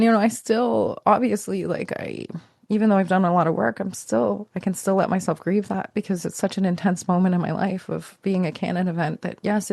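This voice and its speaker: A woman's voice: medium pitch, creaky, darkish tone, no echo, studio quality. A woman, a podcast guest, telling a personal story in a reflective, searching way, often restarting and trailing off.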